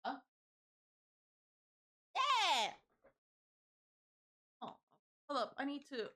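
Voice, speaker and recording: A woman's voice: medium pitch, expressive, moderate pace, fairly bright tone. A young adult woman streamer chatting casually on a livestream, rambling through stories and swearing freely.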